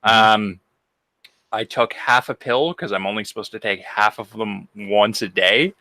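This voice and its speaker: A man's voice: lowish voice, fairly even intonation, measured pace, sharp tone, no echo. A man co-hosting a podcast, telling a story in a casual, profane way. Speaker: podcast co-host.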